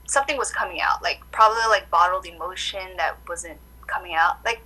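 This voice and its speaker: A woman acupuncturist chatting casually in an interview, telling animated stories full of "like" fillers. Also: fairly low pitch, brisk, slightly rough, low-quality recording. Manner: animated storytelling, many "like" fillers. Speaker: acupuncturist guest.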